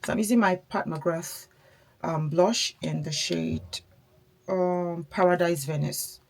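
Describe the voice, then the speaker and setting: Beauty vlogger, woman, husky, lowish voice, chatty and reflective. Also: slow, a little mellow. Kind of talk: casual chat while doing makeup.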